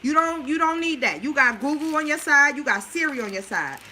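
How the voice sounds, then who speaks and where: Bright-voiced woman coaching viewers while cooking. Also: high voice, animated, a little fast, a little hiss or hum, poor audio. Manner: chatty, coaching, talks straight to viewers. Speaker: busy mom sharing a meal plan. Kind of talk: casual cooking livestream.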